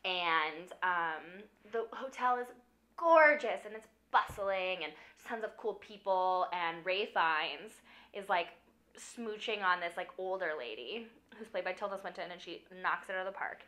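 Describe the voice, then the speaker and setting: Bright-voiced drunk young woman rambling. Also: fairly low pitch, expressive, unhurried. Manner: rambling, fills every phrase with "like". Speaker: film recapper. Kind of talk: rambling comic movie recap.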